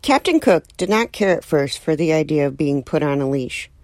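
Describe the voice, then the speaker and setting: Animated woman reading a storybook. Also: deep voice, moderate pace, no echo. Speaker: narrator. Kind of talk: audiobook reading of a children's novel.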